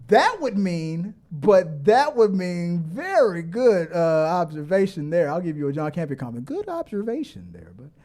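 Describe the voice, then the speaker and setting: A man's voice: high-pitched, a little slow. A middle-aged man hosting a casual live stream, laughing often and reading viewer comments aloud. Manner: laughing, animated, reads chat comments aloud.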